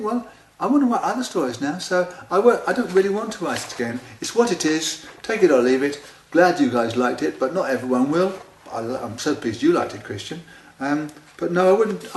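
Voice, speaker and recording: Guy reading out kids' letters and chatting back, average voice, bit of room echo. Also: medium pitch. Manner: chatty, addresses each reader by name, reads out their lines. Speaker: author answering readers' letters. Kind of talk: casual spoken replies to letters. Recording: roomy echo.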